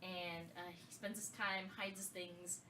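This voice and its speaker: A woman's voice: fairly low pitch, flat delivery, unhurried, pushed and bright, distant mic, slight background noise. A woman co-hosting a casual gaming podcast, telling a long story with many fillers and restarts. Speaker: podcast co-host.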